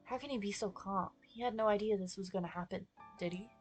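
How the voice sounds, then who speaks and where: A woman's voice: medium pitch, faint music behind. A woman streamer reading a visual novel aloud, narrating the protagonist's thoughts and breaking into playful rants. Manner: expressive, quick to rant playfully.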